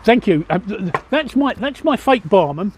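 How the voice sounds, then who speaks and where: A man's voice: high voice, sing-song, normal speed, a little hiss or hum. A Cockney man from East London livestreaming from an outdoor pub table, chatting bluntly with viewers and swearing freely. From East London, England. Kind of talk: casual livestream chat answering viewers. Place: outdoor pub seating by a street.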